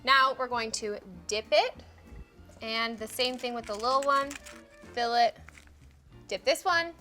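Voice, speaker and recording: A woman's voice: fairly high pitch, unhurried, sharp tone, faint music behind. A woman hosting a cooking show, chatting playfully through a casual baking demonstration and filling her speech with fillers.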